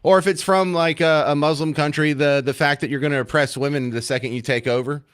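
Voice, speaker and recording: An older man hosting a call-in radio show in a studio, loud and animated, with big swings in pitch. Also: fairly quick, clean tone. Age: older, has granddaughters. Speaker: radio talk show host. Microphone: studio microphone.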